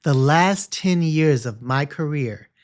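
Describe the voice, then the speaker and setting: A man's voice: on the high side, animated, slow. A man in his forties, a longtime hairstylist, telling a story from his own career. He talks openly and plainly, doubling back on words and correcting himself mid-word as he goes. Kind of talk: personal storytelling.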